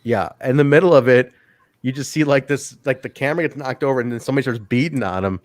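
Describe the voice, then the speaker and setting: A man's voice: medium pitch, quick pace, no room sound. A man hosting a wrestling podcast in casual chat, laughing often and mimicking the people he talks about. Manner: laughs often, quotes others in put-on voices. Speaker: podcast host.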